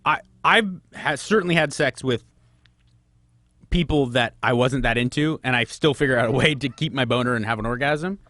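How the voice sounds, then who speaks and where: A man's voice: mid-range voice, normal speed, a bit bright, no echo. A man hosting a call-in radio advice show, giving frank advice and firing off probing questions. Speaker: radio host.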